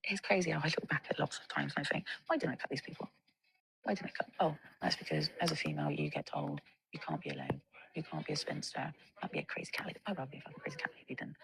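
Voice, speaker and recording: A woman's voice: low voice, vocal fry, fairly bright tone, poor audio. A young woman in a casual monologue, ranting with lots of swearing and filler words. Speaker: vlogger.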